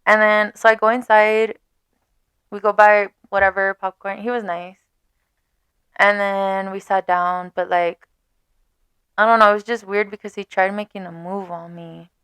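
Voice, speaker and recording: A young woman chats on camera in a casual storytime, animated and quick to swear and laugh. Her voice is smooth and clear, with a mid-range pitch. The recording is dry and close. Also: no room sound. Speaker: vlogger.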